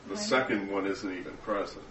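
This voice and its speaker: A man in a casual group discussion, speaking in a halting, reflective way. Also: low voice, over a noisy crowd. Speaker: discussion participant. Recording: echoey room, far from mic, noisy.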